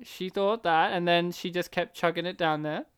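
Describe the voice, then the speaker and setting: A young man co-hosting a casual movie commentary chat, joking and teasing in quick riffs. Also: sits high, fairly even intonation, fairly bright tone, clear, resonant tone. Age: young adult. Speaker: podcast co-host.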